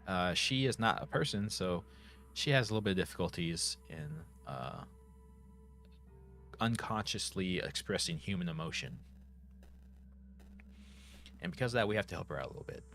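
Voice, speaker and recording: A man's voice: low voice, animated, moderate pace, pauses often, fairly bright tone, soft background music. A man giving rambling let's play commentary with many fillers. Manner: rambling, filler-heavy, chuckling. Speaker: gaming youtuber.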